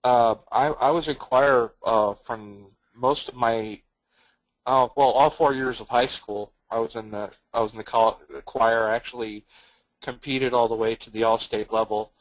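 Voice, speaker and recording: Relaxed man, plain mid-pitched voice. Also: moderate pace, dry recording, rough recording. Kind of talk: casual studio chat.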